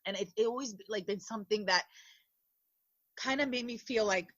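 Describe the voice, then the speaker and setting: A woman's voice: mid-range voice, normal speed, fairly bright tone, no room sound, muffled recording. A woman guest comedian from Long Island, talking in a casual podcast chat, gushing and emotional, often laughing and tearing up. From Long Island, New York.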